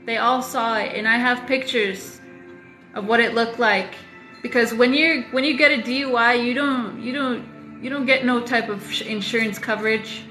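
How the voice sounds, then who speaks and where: A woman's voice: on the high side, fairly even intonation, moderate pace, sharp tone, reverberant, faint music behind, low-quality recording. A woman talking straight to her viewers in a confessional vlog, emphatic and repeating phrases for weight, with the odd swear. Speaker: vlogger. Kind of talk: confessional talk to camera.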